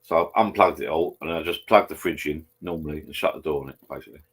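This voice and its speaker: Bloke, deep husky voice, rambling live-stream host chatting to viewers over a pint. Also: male voice, quick pace, fairly bright tone. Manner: chatty, meandering, swears casually. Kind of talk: casual rambling chat with viewers over beers.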